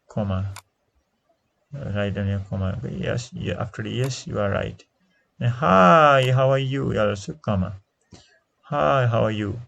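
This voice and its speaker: A man with a Nepali accent teaching an exam-prep English lesson, explaining slowly and repeating each answer, sometimes switching into Nepali. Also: medium pitch, vocal fry.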